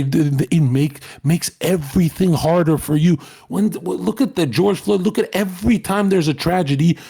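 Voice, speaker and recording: A man's voice: on the high side, a little mellow. A man livestreaming an angry, lecturing rant that is heavy with profanity and aimed at his chat.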